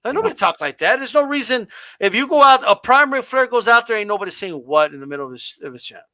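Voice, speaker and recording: A man with a high, bright voice argues in a casual wrestling debate, piling on "like" and "bro" and slowing down to mock stiff, memorized lines. The sound is close and dry, with no room echo. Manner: animated, mocks stilted delivery, lots of "like" and "bro".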